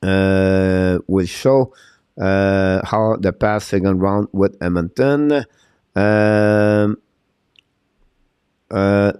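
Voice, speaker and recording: Fired-up coach on a live stream. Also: male voice, on the low side, a little mellow, clean tone, dry recording, studio quality. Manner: fired-up, repetitive motivational talk. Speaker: hockey coach hosting a live show. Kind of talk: live-stream commentary, reading viewer chat.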